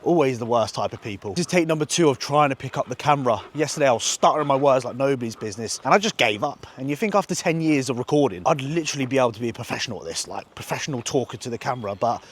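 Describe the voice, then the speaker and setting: A man's voice: mid-range voice, lively intonation, very fast, few pauses. A man in his thirties, a bodybuilding vlogger talking casually to a handheld camera on an outdoor walk, blunt and full of swearing.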